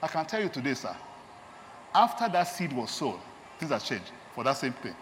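A man's voice: medium pitch, sing-song, normal speed, fairly bright tone, slight background noise. A man with a Nigerian accent preaching a sermon, emphatic and repeating his key phrases. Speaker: lay preacher and doctor. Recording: long hall reverb, faint ambience.

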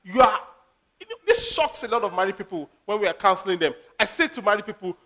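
High bright-voiced pastor preaching. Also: male voice, quick pace. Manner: animated preaching with laughs and acted quotes. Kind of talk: sermon.

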